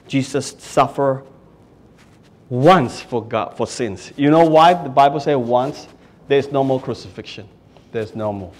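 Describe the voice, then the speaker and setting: A man preaching a sermon with passion, swinging from loud exclamations to hushed asides and often repeating words. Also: mid-range voice, a little slow. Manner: repeats words and restarts phrases. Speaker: pastor.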